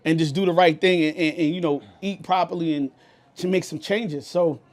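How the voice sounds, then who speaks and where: A man with a New York accent co-hosting a podcast, telling a story in a loud, animated, profane way. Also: fairly high pitch, moderate pace. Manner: animated, profane, gets loud and heated retelling anecdotes. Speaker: podcast co-host. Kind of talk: casual podcast chat, storytelling.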